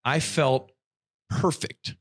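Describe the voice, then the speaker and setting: A middle-aged man telling a personal story in casual podcast talk. He is animated and slangy, and his voice swings between loud bursts and hushed asides. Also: extremely slow, no echo, clean studio sound. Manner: slangy, says "dude" and "I'm like". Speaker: podcast guest.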